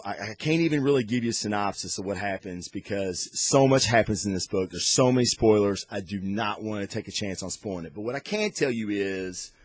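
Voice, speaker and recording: Enthusiastic low-voiced man reviewing comics. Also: no room sound, studio quality. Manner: enthusiastic, rambling with frequent restarts and fillers. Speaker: podcast host. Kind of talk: casual comic book review.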